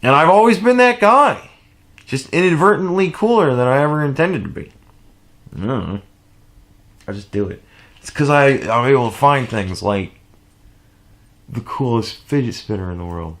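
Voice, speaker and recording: This late-thirties vlogger is expressive as he meanders through a profane anecdote at normal speed, pausing often. He laughs repeatedly and swings from low mumbles to loud exclamations.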